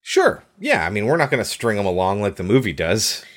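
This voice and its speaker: A man with a sick voice co-hosting a podcast, giving an opinionated, casual movie review. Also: a little fast. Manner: animated, opinionated, swings pitch when emphasizing. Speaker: podcast co-host.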